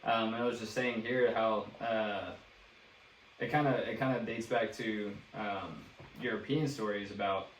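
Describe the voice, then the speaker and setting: A man's voice: fairly low pitch, fairly even intonation, unhurried, recorded from a distance. A man co-hosting a podcast, talking casually in a loose, hesitant way with many fillers. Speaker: podcast co-host. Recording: roomy echo, away from the mic, faint hiss.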